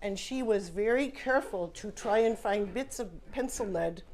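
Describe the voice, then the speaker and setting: A woman's voice: medium pitch, normal speed, darkish tone, slight background noise. A woman author telling stories to an audience at an indoor salon event, earnest and conversational, with many asides. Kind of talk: casual storytelling talk.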